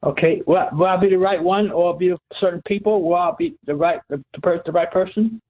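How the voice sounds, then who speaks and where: A male caller to a radio show, talking haltingly and repeating his words. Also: sits high. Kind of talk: phone-in call. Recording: tinny phone line.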